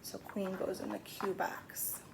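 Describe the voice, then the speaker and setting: A woman's voice: medium pitch, completely flat delivery, a little slow, creaky, noisy background. A middle-aged woman teaching a phonics lesson to young children, patiently sounding out words.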